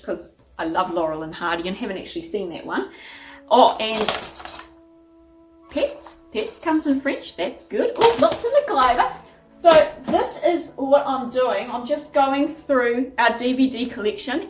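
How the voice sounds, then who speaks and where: A woman's voice: mid-range voice, roomy sound. A woman vlogging from home in a chatty, rambling way as she sorts DVDs. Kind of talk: casual chat. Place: at home sorting a DVD collection.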